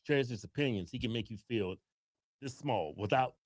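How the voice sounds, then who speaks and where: A man's voice: medium pitch, normal speed, darkish tone, no room sound, studio quality. A man trading jokes in a political podcast, teasing and playful, often laughing. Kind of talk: joking political podcast banter.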